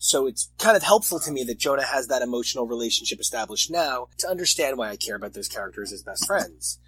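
A man in casual chat about comics, animated and often exasperated as he reviews the stories. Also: medium pitch, quick pace, husky, rough recording. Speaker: comic podcast co-host.

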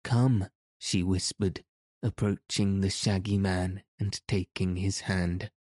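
A man reading a children's storybook aloud as narrator, in a measured, even way. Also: deep voice, no echo, studio quality. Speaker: audiobook narrator. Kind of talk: scripted narration.

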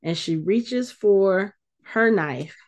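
A woman co-hosting a casual podcast, retelling a show's episode with lively acted-out quotes. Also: medium pitch, extremely slow. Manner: animated storyteller, acts out quotes. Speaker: podcast co-host.

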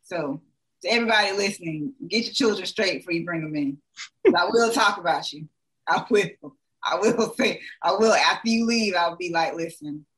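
A woman's voice: fairly low pitch, moderate pace, a bit bright, poor audio. A young adult woman, a dentist, talking frankly in a casual podcast chat, full of "like" and "you know".

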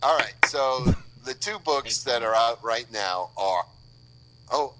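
A man's voice: medium pitch, lively intonation, unhurried, a bit bright, low-quality recording. An older man from Boston, an author chatting casually on a call, rambling and joking with many restarts. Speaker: author guest. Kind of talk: casual podcast chat.

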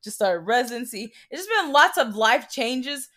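Young woman, fairly high voice, chatty, excitable, trailing off. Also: normal speed. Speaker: podcast co-host. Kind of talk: casual chat.

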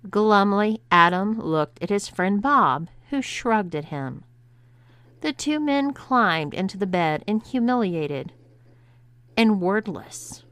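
Woman narrator for erotic audiobook; measured, unhurried, smooth tone. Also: medium pitch, lively intonation, fairly bright tone, dry recording.

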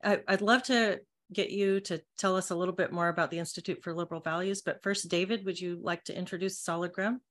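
A woman from Texas hosting a live-stream talk show. Her voice sits a little lower than most women's, and she greets people in a relaxed, friendly way. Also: quick pace, few pauses. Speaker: host.

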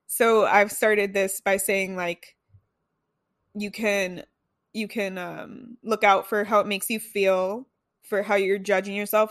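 A woman's voice: medium pitch, no room sound. Chatty young woman, dry close sound. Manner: chatty, lots of "like" and "right?"; swears casually. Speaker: self-help speaker. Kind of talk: casual monologue.

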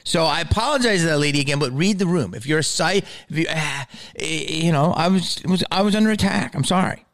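A man's voice: fairly high pitch, expressive, fast talker, a bit bright. A comedian talking casually about his own stage outburst, heated, rambling and profane. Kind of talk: reflective casual talk.

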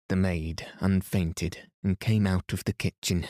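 A man reading a classic children's novel aloud as a calm bedtime story host, in an even, unhurried manner. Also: deep voice, dry recording, studio quality. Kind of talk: slow soothing bedtime reading.

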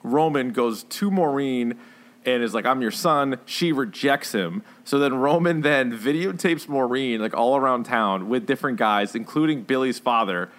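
A man's voice: mid-range voice, normal speed. Guy rambling thru a movie breakdown on a podcast, lots of likes and restarts. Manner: rambling, filler-heavy, animated retelling. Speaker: podcast co-host. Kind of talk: casual chat reviewing films.

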